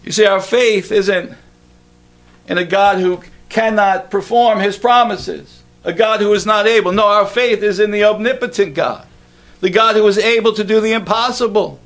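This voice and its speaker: A man preaching to a congregation in a church, with a gravelly, creaky voice pitched a little high. He keeps it conversational and puts questions to his listeners. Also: moderate pace, a bit bright. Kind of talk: sermon.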